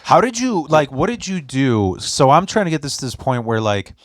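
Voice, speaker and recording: A man's voice: medium pitch, big pitch swings, normal speed. A male podcast host in casual chat, mostly giving short agreeing replies and asking curious questions.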